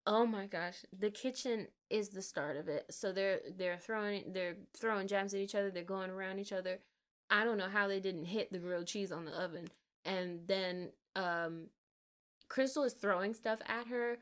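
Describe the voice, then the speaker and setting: A woman co-hosting a casual podcast, recapping a film scene by scene with animated storytelling and frequent swearing. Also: medium pitch. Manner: retells scenes in rapid run-on clauses. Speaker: podcast co-host. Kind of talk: casual movie recap chat.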